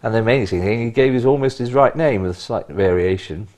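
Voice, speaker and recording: An older man, a retired police officer, telling animated stories in an interview with bursts of emphasis. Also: mid-range voice, quick pace. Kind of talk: anecdotal interview.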